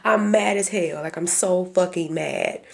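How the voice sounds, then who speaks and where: A woman's voice: on the low side, measured pace, vocal fry. A young woman vlogging casually, ranting candidly and swearing freely. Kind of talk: casual vlog rant.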